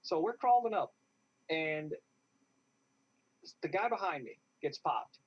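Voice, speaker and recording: A man, a guest in an interview, telling a lively story and acting out what others said. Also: on the high side, slow, breathy edge. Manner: animated, acts out what others said. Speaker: interview guest, airsoft player. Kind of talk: casual storytelling. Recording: dull lo-fi sound.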